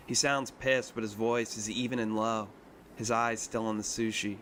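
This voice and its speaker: A man reading a first-person novel aloud in a steady, even manner. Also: fairly low pitch, moderate pace, a little hiss or hum. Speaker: reader.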